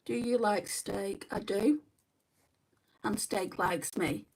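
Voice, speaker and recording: Speaking slowly in a slightly rough, medium-pitched voice, a young woman does her makeup on a livestream at home and chats easily, responding to viewers' comments one at a time. The mic is a little far from her.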